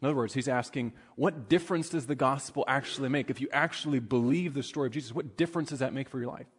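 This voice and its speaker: Conversational preacher in a reverberant hall. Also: male voice, medium pitch, quick pace, breathy edge. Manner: conversational, frequent fillers and restarts. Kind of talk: sermon with personal storytelling.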